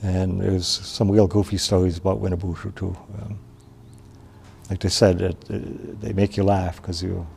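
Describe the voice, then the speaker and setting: A man from Wisconsin telling a traditional story in an unhurried, plain-spoken way, with pauses and restarts. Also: low-pitched, flat delivery, gravelly, darkish tone, slight background noise.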